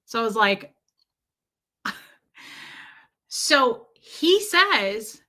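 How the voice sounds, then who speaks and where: A woman streamer telling a story to her viewers in a casual, animated way, laughing often and swearing freely. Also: mid-range voice, slow pace, pauses often. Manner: animated, laughing, lots of profanity.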